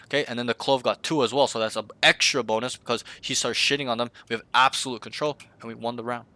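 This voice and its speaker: A man's voice: medium pitch, steady tone, quick pace, bright, forceful tone, no room sound. A man coaching a student through a match review, blunt and profane, often acting out team callouts. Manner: blunt, swears freely, acts out callouts. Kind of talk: casual coaching session.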